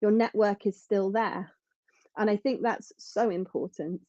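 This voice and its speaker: A woman's voice: medium pitch, steady tone, a little slow, mellow, dry recording, dull audio. A woman speaking as a podcast guest in an earnest, reflective way, often restarting her sentences. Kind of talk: conversational interview.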